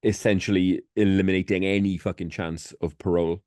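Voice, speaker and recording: Deep-voiced man hosting a casual podcast. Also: steady tone, brisk, darkish tone, no echo. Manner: rambling, swearing, many fillers. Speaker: podcast co-host.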